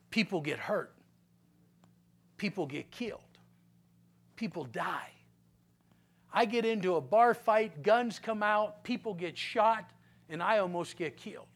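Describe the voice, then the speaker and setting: A man with a strikingly high voice tells his life story from the pulpit. He is folksy and direct, keeps checking in with the crowd, and drops to low, serious tones for the hard parts. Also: takes it slowly, pauses often. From Pennsylvania. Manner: animated storyteller, swings from loud punchlines to low grave tones; folksy, talks straight to the audience with "okay?". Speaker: guest speaker giving a testimony. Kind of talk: testimony sermon, storytelling.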